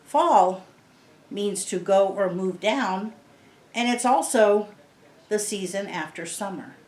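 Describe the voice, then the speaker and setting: Her voice is medium-pitched with a darkish tone, and she takes her time as she reads a picture book aloud to kids. Each word gets a patient, simple explanation in this read-aloud lesson, recorded in an echoey room.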